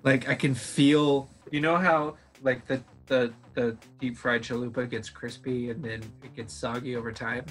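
A man's voice: mid-range voice, level tone, normal speed, hardly any pauses. A young man co-hosting a podcast, chatting casually in a goofy, rambling way. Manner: goofy, rambling, full of fillers. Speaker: podcast co-host. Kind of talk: casual chat.

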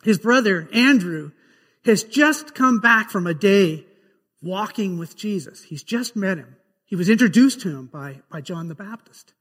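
A man's voice: sits high, animated, unhurried, a bit bright, in a large hall. A man preaching a sermon, retelling scripture scenes as a vivid story. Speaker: pastor. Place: church sanctuary.

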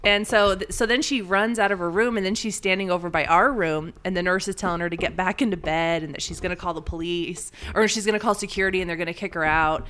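A woman co-hosting a podcast, telling a story in a casual, animated way and laughing often. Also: on the low side, fast, few pauses. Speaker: podcast co-host.

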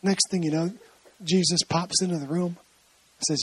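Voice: medium pitch, steady tone, moderate pace, breathy edge, low-quality recording. A preacher giving a conversational sermon, telling scripture stories in a chatty way and often asking rhetorical questions. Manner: asks frequent rhetorical questions; explains scripture in a chatty, storytelling way.

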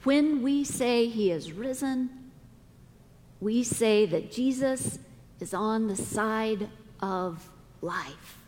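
Middle-aged woman pastor, slow measured sermon delivery, long church-hall reverb. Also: on the high side, a little mellow. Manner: slow, deliberate preaching with dramatic pauses. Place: church sanctuary.

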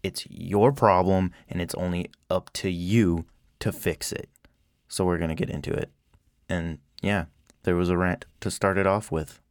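Podcast host, male, blunt and self-mocking, very low voice recorded bone-dry. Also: fairly even intonation, unhurried, vocal fry, no room sound. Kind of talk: spoken warning intro.

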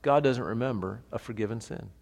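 A pastor teaching a sermon in a conversational, animated way, asking the congregation rhetorical questions. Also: male voice, mid-range voice, fairly quick, creaky, in a large hall.

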